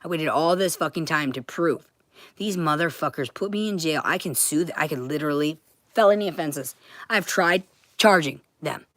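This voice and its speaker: A woman's voice: low voice, normal speed, a bit bright, no echo, clean studio sound. A woman ranting to her livestream viewers from home, swearing constantly. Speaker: vlogger.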